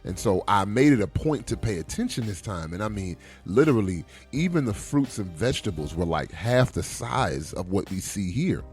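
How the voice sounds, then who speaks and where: A man's voice: fairly low pitch, normal speed, hardly any pauses, faint music behind. A man co-hosting a podcast in casual chat, telling stories and acting out the dialogue in them. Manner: animated storyteller who acts out quoted dialogue. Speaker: podcast co-host.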